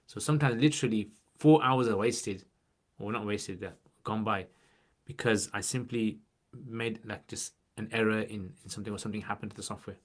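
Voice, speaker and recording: A man's voice: fairly low pitch, steady tone, brisk. A man in his forties with a slight chesty cough, hosting a casual livestream and answering viewer questions in a chatty, joking way. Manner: chatty and joking, scattering in religious Arabic phrases.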